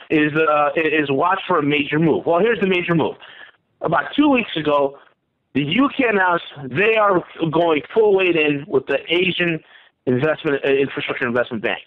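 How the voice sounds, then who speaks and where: A man talking as a guest on a radio interview, animated, often repeating himself and acting out quoted voices. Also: on the high side. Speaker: guest economist. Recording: tinny phone line.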